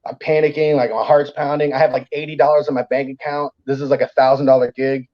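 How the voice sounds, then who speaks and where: A male comedian guest, mid-range in pitch and quick in pace, tells a story on dull audio. He swears casually, stays animated, and acts out the other people's voices.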